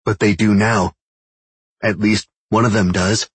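A man voicing a brisk, commanding senior woman officer in a storybook reading. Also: on the low side, steady tone, breathy edge, no echo, voice pushed up.

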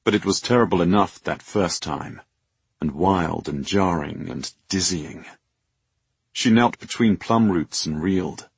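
A man reading an audiobook novel in a measured, dramatic way. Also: sits low, vocal fry, slightly rough, no echo. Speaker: audiobook narrator. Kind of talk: scripted narration.

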